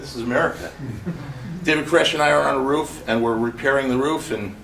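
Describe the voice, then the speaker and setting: A man speaks to a gathered crowd, his story impassioned and full of restarts. His voice sits at an ordinary middle pitch. He is caught from a distance in an echoey hall, with faint background noise. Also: fairly quick, a bit bright. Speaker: survivor speaking at a memorial gathering. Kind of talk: personal testimony speech.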